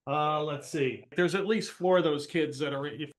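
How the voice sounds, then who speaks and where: A man narrates as game master of a tabletop game, his voice sitting a touch above average. He describes the scene in loose, halting phrases, often restarting a word before moving on. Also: fairly high pitch, slight background noise.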